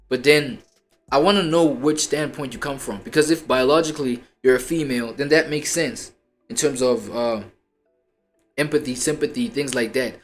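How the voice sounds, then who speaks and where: A man's voice: fairly high pitch, normal speed, faint music behind. Slangy man rambling on a stream. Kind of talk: casual chat.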